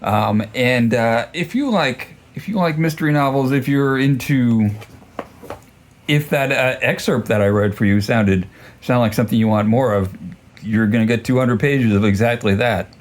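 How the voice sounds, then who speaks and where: A man's voice: mid-range voice, normal speed. Male book reviewer, casual and rambling, lots of ums and restarts. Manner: rambling, self-deprecating, many fillers and restarts.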